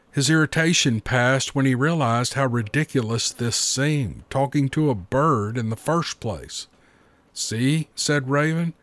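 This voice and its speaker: Steady male storybook narrator. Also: mid-range voice, no room sound.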